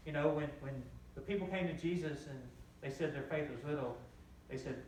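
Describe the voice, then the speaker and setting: Echoey pastor preaching from a distance. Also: male voice, medium pitch, normal speed, long pauses, a little mellow, slight background noise. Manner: repeats key phrases, emphatic rises. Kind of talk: sermon. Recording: echoey room heard from a distance.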